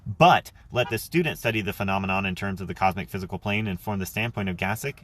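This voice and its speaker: A man talking casually on a phone live stream, rambling and dropping swear words as he goes. His voice sits a little low but sounds bright and forceful. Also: quick pace. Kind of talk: live stream reading and chat. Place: outdoors.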